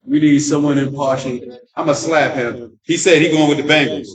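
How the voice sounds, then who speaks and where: A man's voice: on the high side, fairly even intonation, normal speed, distant mic. A man hosting a casual sports chat in a restaurant bar, laid-back and teasing as he goes through picks. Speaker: host.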